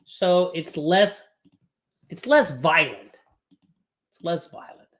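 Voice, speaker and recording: Brief: male live-stream trading host, bright ringing voice, blunt and profane, lots of energy. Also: fairly high pitch, big pitch swings, slow. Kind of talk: live-streamed casual teaching.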